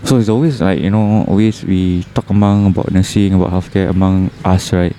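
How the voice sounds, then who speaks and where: A man's voice: low-pitched, steady tone, brisk, mellow, a little hiss or hum. A man with a Singaporean English accent hosting a casual nursing podcast, talking in loose, rambling sentences full of restarts. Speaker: nurse podcast host. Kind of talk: casual chat. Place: outdoors in a public spot by the road. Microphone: headset mic.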